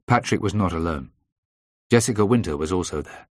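A man reading a first-person thriller aloud in a measured, dry storytelling manner. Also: deep voice, animated, no room sound. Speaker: audiobook narrator.

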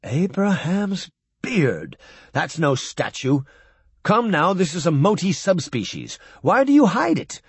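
An eager, curious scientist who exclaims and fires questions, his voice leaping well above the reader's own as a man acts him out. A storybook figure, loud with excitement. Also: on the high side, a little slow, slightly rough, dry recording, voice pushed up, heavily acted. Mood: excited.

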